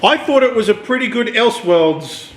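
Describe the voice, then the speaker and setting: A man with an Australian accent co-hosting a casual pop culture chat, cutting in with quick remarks and frequent restarts. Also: very high voice, lively intonation. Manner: quick interjections, restarts often. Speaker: co-host. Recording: echoey room.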